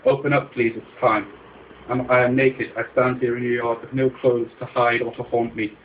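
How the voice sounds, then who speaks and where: A man voicing a drunk, naked friend who pleads and shouts with slurred words, on a muffled recording. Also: lowish voice, flat delivery, brisk, slight background noise, lightly acted. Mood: desperate shouting.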